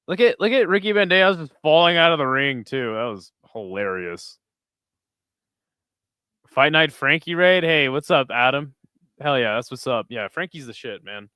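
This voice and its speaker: A man's voice: a little high, lively intonation, moderate pace, sharp tone, clear, resonant tone, no echo, clean studio sound. A man from the United States hosting a fight watch party stream, giving crude, joking commentary and chatting with viewers. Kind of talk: casual live-stream commentary.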